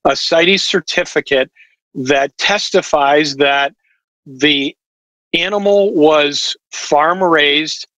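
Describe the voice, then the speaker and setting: A watch distributor joins a casual podcast chat as a guest over a video call, explaining things at length with plenty of filler words. His voice sits on the high side, slow and a bit bright. There's no echo, but the audio quality is poor.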